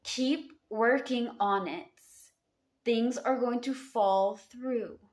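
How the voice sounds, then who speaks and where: A woman with a Southern US drawl reads tarot cards in a relaxed, chatty way. Her voice sits a little high, and she calls her listeners honey and baby. The room around her adds a noticeable echo. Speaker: tarot card reader. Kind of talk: casual tarot reading to camera. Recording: roomy echo.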